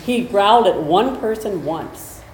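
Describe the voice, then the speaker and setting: A woman's voice: medium pitch, lively intonation, measured pace, a crowd in the background. A woman explaining dog behavior in a chatty, conversational way, with storytelling asides. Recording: roomy echo, faint noise.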